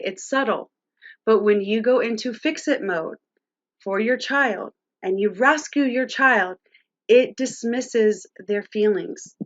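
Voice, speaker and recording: A woman's voice: medium pitch, muffled recording. A woman presenting a live-streamed teaching talk on parenting, speaking directly to viewers and their chat.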